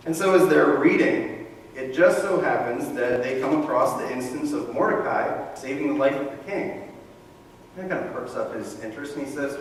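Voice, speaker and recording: A man's voice: mid-range voice, normal speed. Guy pastor giving a sermon, chatty storyteller, lots of echo, faint room hiss. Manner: conversational, animated storytelling with asides. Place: church sanctuary. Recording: echoey hall, mic far from speaker, faint room noise.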